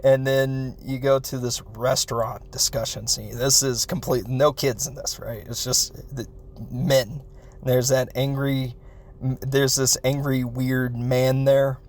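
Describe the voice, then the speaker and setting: A man's voice: medium pitch, little pitch movement, slow pace, a little hiss or hum. A man hosting a podcast, recapping a film in a rambling, self-interrupting way and laughing as he talks. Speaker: podcast host reviewing a film. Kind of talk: casual comedic film recap.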